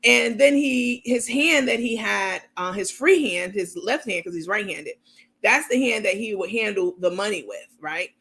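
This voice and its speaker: A university-educated adult woman with a New York accent hosts a commentary channel in a casual, livestream-style format, rambling and reading viewer comments aloud. Her voice is medium-pitched, fairly bright and slightly rough, at a moderate pace.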